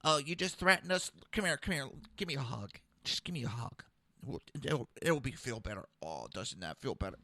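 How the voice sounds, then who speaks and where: A man's voice: a little high, very animated, normal speed, no room sound. A man mimicking a meek cooing president. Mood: mocking soft. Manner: soft, cooing, pleading. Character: meek soft-spoken male president, appeasing.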